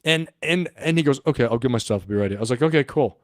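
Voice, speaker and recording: A man's voice: medium pitch, expressive, racing, dry recording, studio quality. A middle-aged man hosting a livestream, telling a story in a rambling, profane way and laughing often. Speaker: livestream host and coach.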